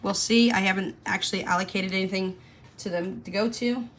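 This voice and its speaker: A woman's voice: medium pitch, fairly even intonation, fairly quick, a bit bright, a little hiss or hum. Chatty woman counting cash. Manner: chatty, folksy, addresses viewers directly. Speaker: budgeting vlogger. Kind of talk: casual chat to camera.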